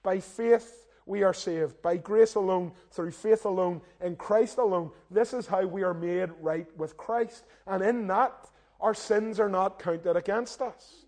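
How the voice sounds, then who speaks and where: Preaching in a direct, sincere way, a young male minister jokes at his own expense and keeps calling his audience "guys." He speaks unhurriedly in a high, slightly mellow voice.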